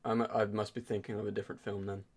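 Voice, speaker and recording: A man's voice: lowish voice, fast. Man, podcast co-host, casual chat, reels off quotes with bursts of energy. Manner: quotes memes in lively bursts.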